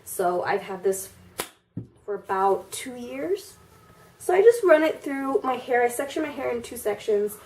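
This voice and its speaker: A woman's voice: a little high, expressive, measured pace, a little mellow. Stuffy-nosed woman chatting at a distance. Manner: chatty, rambling with fillers and restarts. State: stuffy, nasal from a cold. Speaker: beauty vlogger. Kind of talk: casual get-ready-with-me chat.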